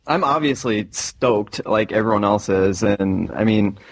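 A man's voice: fairly low pitch, a little slow, background noise. A man co-hosting a podcast in casual chat, rambling with lots of fillers. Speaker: podcast co-host.

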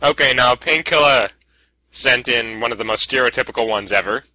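Brief: upbeat male podcast host, bright sharp tone, average pitch. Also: a little fast, dry recording, poor audio. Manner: prodding, reads listener submissions. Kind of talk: casual podcast chat.

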